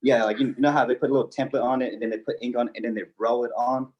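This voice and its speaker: A man's voice: mid-range voice, steady tone, racing, darkish tone, muffled recording. Laid-back man with a Southern accent. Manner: laid-back, repeats words while explaining. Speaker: guest, co-owner of screen-print business. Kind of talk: casual interview chat.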